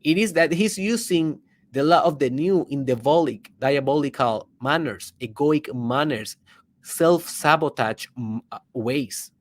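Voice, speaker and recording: A man hosting a personal development podcast, speaking in an emphatic motivational monologue that swings between loud bursts and hushed asides, with rhetorical questions to the listener. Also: on the high side, unhurried.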